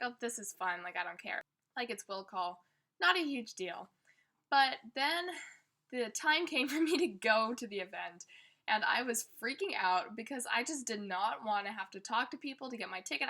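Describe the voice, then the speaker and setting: Young woman vlogger, slightly high, bright voice, chatty and self-mocking. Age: young adult. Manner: chatty and self-deprecating, acting out her own panicked thoughts. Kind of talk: casual chat.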